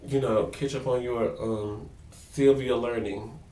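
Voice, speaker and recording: Male vlogger, gossipy and sassy, middle pitch, echoey room sound. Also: slow, far from the mic. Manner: sassy, gossipy, animated impressions. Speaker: vlogger recapping a reality show. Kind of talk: casual chatty recap. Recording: roomy echo, a bit off-mic.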